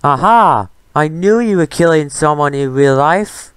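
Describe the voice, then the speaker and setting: Man, reaction commentary host, defiant ranting, slightly high pitch, clear voice. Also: animated, a little slow, no echo.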